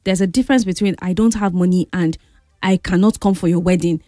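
A woman's voice: lowish voice, brisk, warm tone, dry recording, clean studio sound, faint music behind, lightly acted. A woman voicing an anxious, broke young friend who talks in a flustered, pleading way.

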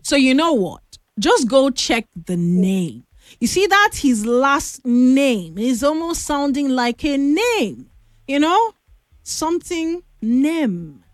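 Woman, radio host, high lively voice, unhurried teasing delivery, dry close mic. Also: no room sound. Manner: lively, teasing, drawn-out emphasis. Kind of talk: playful call-in radio chat. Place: radio studio.

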